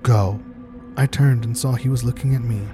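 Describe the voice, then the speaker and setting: Brief: male horror narrator, measured and tense, mid-pitched voice, music bed behind. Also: flat delivery. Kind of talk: scripted horror story narration.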